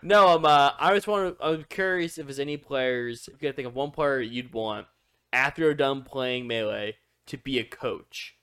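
A man's voice: medium pitch, normal speed, fairly bright tone, clear, resonant tone. A young man co-hosting a podcast, asking long, meandering questions in casual chat. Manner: rambling questions with restarts and fillers. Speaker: podcast co-host.

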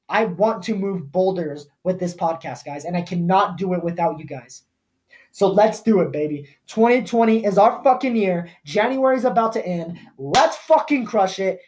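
A man's voice: high-pitched, a little mellow. A young man hosting a podcast, delivering a blunt, profane and fired-up motivational rant. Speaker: podcast host.

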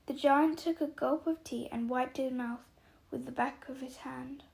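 A woman narrating a storybook aloud in a measured, expressive reading. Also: high-pitched, vocal fry, poor audio.

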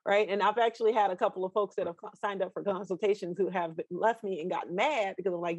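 A woman's voice: medium pitch, fairly even intonation, quick pace, hardly any pauses, no room sound. Upbeat woman host, dry sound. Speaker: host, video content coach. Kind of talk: casual video-call interview. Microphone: video call.

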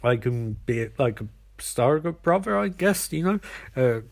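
A man voicing a smug male supervillain, talking low and quietly with halting restarts. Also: lively intonation, gravelly. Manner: mumbled, halting, lower and quieter.

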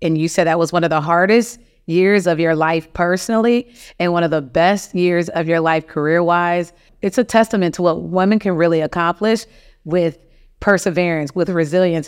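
A man hosting an interview podcast with a smooth, clean voice. He affirms his guest warmly in words, reacting with brief interjections before asking his next question. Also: fairly high pitch. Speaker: podcast host.

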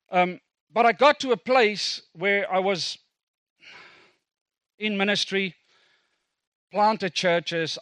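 A man's voice: high-pitched, sharp tone, dry recording. Man, South African accent, Afrikaans native, middle-aged pastor, sermon, conversational asides, dry recording. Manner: conversational, self-deprecating, with asides to the congregation.

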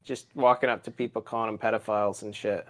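A man's voice: lowish voice, steady tone, fast talker. Rambling young man telling stories. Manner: profane, rambling, acts out his own rants loudly. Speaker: podcast co-host. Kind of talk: casual podcast storytelling.

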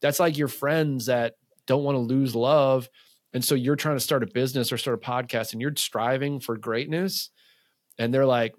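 A man, a men's coach, talking in a casual podcast conversation, telling animated stories full of "like" and acted-out quotes. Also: mid-range voice, moderate pace, no room sound, clean studio sound.

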